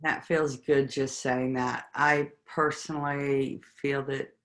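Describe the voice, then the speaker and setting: Reflective study group member with a flat, level delivery and halting phrasing. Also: mid-range voice. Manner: reflective and halting, with pauses between words. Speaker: group discussion participant. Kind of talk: personal sharing in a spiritual study group.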